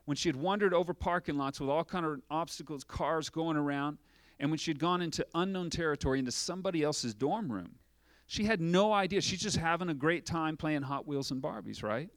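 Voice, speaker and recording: A man's voice: a little high, brisk, no echo. A man preaching a sermon as pastor, asking rhetorical questions and acting out little dialogues.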